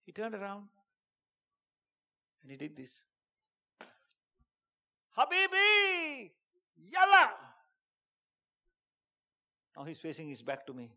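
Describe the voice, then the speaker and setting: A man preaching a sermon and telling a dramatic testimony, dropping to a hush and then rising to shouts. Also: fairly high pitch, expressive, moderate pace, long pauses. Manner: dramatic storytelling, swings from hushed to shouting; preaching with emphatic call-outs.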